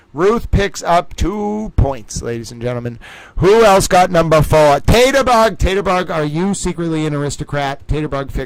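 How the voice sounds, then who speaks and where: A man runs a casual livestream trivia game, calling out players and scores as he chats with viewers. His voice sits a little high. The sound is dry and close, with no room echo. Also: clean tone. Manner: lively, reads out names and scores, chatty with viewers.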